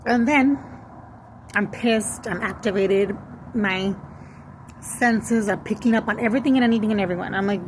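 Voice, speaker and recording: A woman's voice: medium pitch, moderate pace, pauses often, slight background noise, rough recording. A woman venting bluntly in a casual monologue, cursing and switching into Spanish. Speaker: vlogger.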